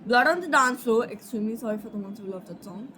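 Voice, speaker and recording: Sleepy woman rambling through her own fan story, apologetic, fairly high voice, faint noise behind. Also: lively intonation, fast, bright, forceful tone, rough recording. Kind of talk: casual fanfic storytelling.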